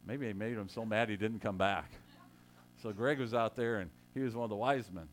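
A man's voice: fairly low pitch, fairly quick, slight background noise. A man preaching a sermon in a conversational way, joking with his congregation and rising to emphatic quotes. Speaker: pastor.

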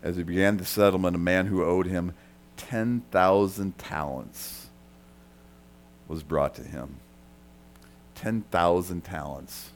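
A man preaching a sermon, talking straight to the congregation, dropping to a quiet murmur and then rising loud for emphasis. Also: slow, vocal fry, long pauses, slight background noise. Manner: swings from soft and quiet to loud and high for emphasis; conversational, addresses listeners directly. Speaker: pastor.

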